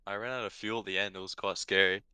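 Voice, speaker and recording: Low monotone young driver. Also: male voice, quick pace, a crowd in the background. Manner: monotone, low-key, laid-back. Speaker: sim racing driver, race winner. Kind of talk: post-race interview.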